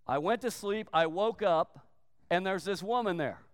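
In a large hall, a pastor preaches with a high, clear, smooth voice. He stresses his message by stretching key words, and now and then he acts out a quick quotation.

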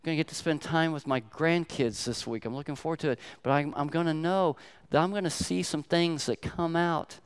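Smooth-voiced older male preacher. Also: a little high, brisk, hardly any pauses. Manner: emphatic storytelling with sharp swings in loudness. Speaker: pastor. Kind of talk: sermon.

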